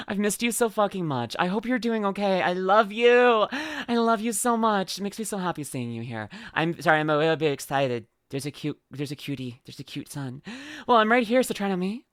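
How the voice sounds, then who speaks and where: A young woman streaming as she reacts to videos, gushing, swearing freely and squealing with excitement. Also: mid-range voice, moderate pace, no room sound, studio quality. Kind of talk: casual live-stream chat.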